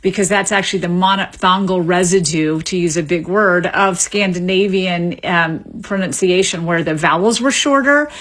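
A woman, a linguist being interviewed on radio, explaining in a measured way with small restarts. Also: on the low side, fairly bright tone. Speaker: linguist guest.

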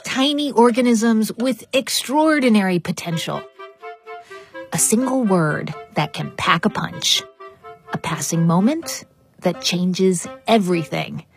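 A woman hosting a radio show, reading scripted narration in a measured, polished way. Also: mid-range voice, lively intonation, vocal fry, soft background music. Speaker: radio host.

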